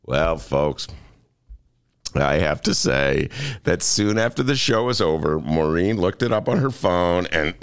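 Playful, animated male radio host. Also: fairly low pitch, moderate pace, vocal fry. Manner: joking, self-mocking, playful. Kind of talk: comic radio talk. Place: radio studio.

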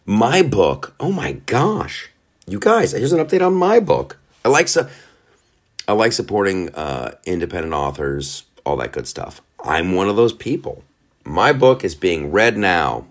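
A man's voice: deep voice, faint music behind. A man hosting a podcast, rambling through casual commentary, often laughing at his own jokes. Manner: quick asides and restarts, animated. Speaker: podcast host.

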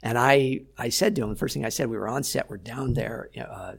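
A man, an actor being interviewed, telling lively behind-the-scenes stories and acting out what people said. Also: mid-range voice, a little fast, creaky, breathy edge. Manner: animated storyteller, acts out quotes. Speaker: actor guest. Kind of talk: casual interview chat.

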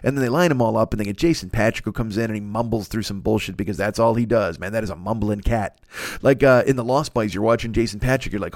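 A man's voice: lowish voice, expressive, fast, dry recording, studio quality. A man hosting a comedy podcast, riffing in a profane, rambling mock-rant. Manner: profane, riffing, mock-ranting with put-on voices. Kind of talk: rambling comic monologue.

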